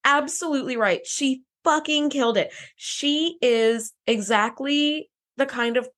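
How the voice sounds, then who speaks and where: A woman co-hosting a podcast in casual chat, animated and swearing freely as she acts out quotes. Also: high-pitched, a little slow. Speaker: podcast co-host.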